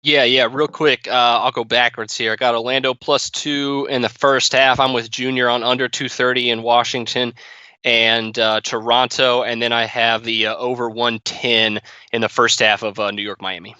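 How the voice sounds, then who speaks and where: A man giving quick, confident sports betting picks, now and then correcting himself as he goes. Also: mid-range voice, little pitch movement, sharp tone, clear, resonant tone, dry recording, muffled recording. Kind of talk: fast betting picks breakdown.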